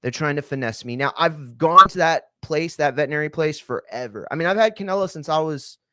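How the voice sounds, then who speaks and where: A man's voice: a little high, a bit bright, dry recording, clean studio sound. A man hosting a podcast, ranting casually with lots of swearing and fillers. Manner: profane, ranting, many fillers. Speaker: podcast host. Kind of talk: casual chat.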